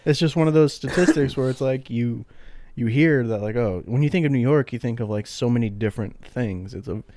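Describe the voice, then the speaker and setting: A man's voice: mid-range voice, fairly quick, dark tone, no room sound. A man co-hosting a podcast in casual chat, laughing often and stumbling into restarts. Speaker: podcast co-host.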